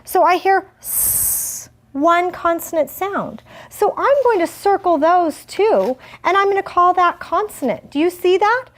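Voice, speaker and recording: A woman teaching a first grade phonics lesson, asking gentle questions and stretching out words slowly. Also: very high voice, expressive. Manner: slow, exaggerated word modeling.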